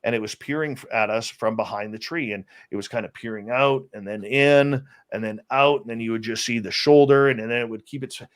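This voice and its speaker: A man in an interview chat tells a personal story with animated energy. His voice sits at a middling pitch, and he often stumbles and restarts his sentences. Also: a little fast, hardly any pauses. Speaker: interview guest, radio host.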